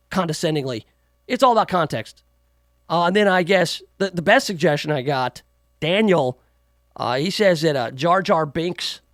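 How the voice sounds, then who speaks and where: A man's voice: sits high, fairly bright tone, no echo, clean studio sound. A man hosting a talk radio show, giving sarcastic, mocking political commentary.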